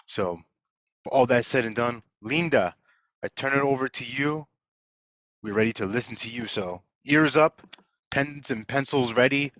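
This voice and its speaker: A man hosting an online session, playful and energetic, reading out audience shout-outs and introducing a guest speaker. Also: medium pitch, unhurried, no echo. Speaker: webinar host. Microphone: video call. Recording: dull lo-fi video call audio.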